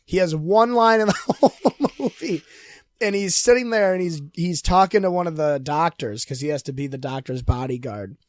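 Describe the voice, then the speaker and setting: Animated young man, slightly high voice. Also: moderate pace, no echo. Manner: animated, swearing storyteller, laughs often. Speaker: podcast co-host. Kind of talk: casual chat.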